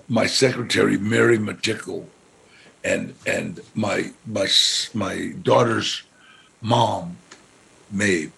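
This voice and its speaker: An older man and actor, telling stories in a halting way, repeating words and turning lively when quoting others. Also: on the low side, vocal fry, slightly rough. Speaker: actor, interview guest. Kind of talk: casual storytelling.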